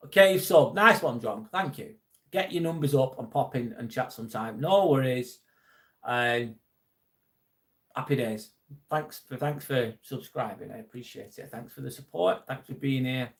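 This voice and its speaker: Livestream host, male, Lancashire accent, mid-pitched, earnest, casual, occasional swearing. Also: normal speed. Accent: Lancashire English. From England. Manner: earnest, supportive, swears now and then. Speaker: live stream host. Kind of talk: casual live-stream chat reading viewer comments.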